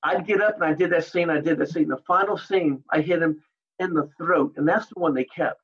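A man with a high, husky voice tells animated stories from his fighting and film career in an interview, acting out other people's lines along the way. The recording sounds dull and lo-fi. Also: brisk. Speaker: guest, martial artist and actor. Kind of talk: storytelling interview.

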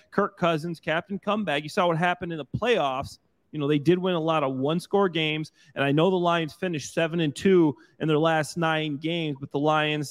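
A man who played pro football, talking loosely and excitedly in bursts, with restarts, on a sports panel. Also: fairly high pitch. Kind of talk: casual sports chat.

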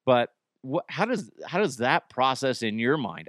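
A middle-aged man hosting a podcast rambles through a crude comedic monologue, laughing at his own jokes. His mid-range voice swings widely in pitch at a measured pace, with a fairly bright tone. The sound is clean studio audio with no room sound.

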